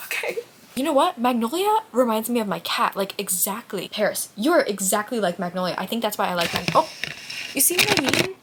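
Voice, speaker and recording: This is a young woman recording a cozy reading vlog. She reads passages aloud and reacts in a gushing, chatty, openly emotional way. Her voice sits at an ordinary middle pitch, with a light background hiss on the recording. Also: expressive, brisk. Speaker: book vlogger.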